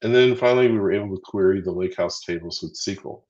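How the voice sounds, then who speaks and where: An upbeat, chatty man co-hosts a live training stream, counting down quiz answers and cheering viewers on. His voice sits on the low side. The audio is dull and lo-fi. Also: fast, darkish tone. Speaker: livestream co-host running a quiz. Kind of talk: casual livestream teaching.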